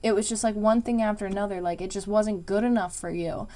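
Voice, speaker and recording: A woman's voice: mid-range voice, fairly even intonation, a little fast, mellow. A woman giving a casual spoken tarot reading, rambling and emphatic, with lots of fillers and frequent swearing. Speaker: tarot reader.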